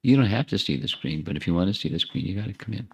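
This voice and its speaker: A deep-voiced man lecturing on spiritual teachings, talking in a loose, conversational way. He often restarts his phrases and turns to the audience with friendly asides. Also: expressive, rapid-fire, vocal fry, a little mellow. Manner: repeats and restarts phrases while thinking. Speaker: monk giving a spiritual talk.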